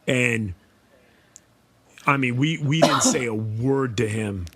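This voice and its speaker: Male podcast co-host with an average-pitched voice, easygoing and rambling, nostalgic. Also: takes it slowly, a crowd in the background. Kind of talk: casual chat.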